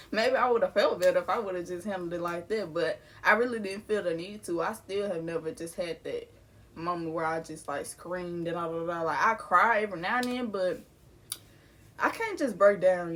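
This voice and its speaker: A woman's voice: lowish voice, fairly bright tone. Candid young woman. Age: young adult. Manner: casual and candid, laughing through grief, addressing viewers as y'all. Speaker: vlogger. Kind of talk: storytime vlog.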